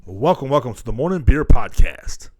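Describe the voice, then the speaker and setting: A man's voice: mid-range voice, sing-song, moderate pace, dark tone. A man hosting his own podcast, rambling and joking with heavy profanity, recorded at home. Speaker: podcast host. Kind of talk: casual comedic rant. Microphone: studio headphones and mic.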